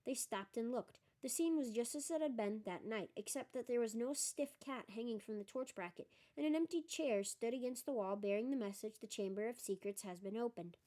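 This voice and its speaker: A woman narrating an audiobook with steady, measured reading. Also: fairly high pitch. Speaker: audiobook reader. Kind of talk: storybook narration.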